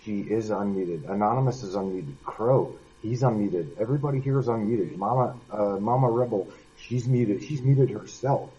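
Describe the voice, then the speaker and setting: A man's voice: fairly low pitch, moderate pace, hardly any pauses, warm tone, lo-fi sound, a little hiss or hum. A man in a heated voice-chat debate, exasperated and cutting in repeatedly. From United States. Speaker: voice chat participant. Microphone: computer mic in voice chat.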